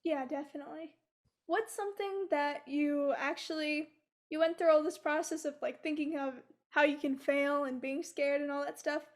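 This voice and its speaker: A woman's voice: sits high, fairly even intonation, normal speed. A woman interviewing a guest in a friendly, encouraging way. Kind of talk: casual interview.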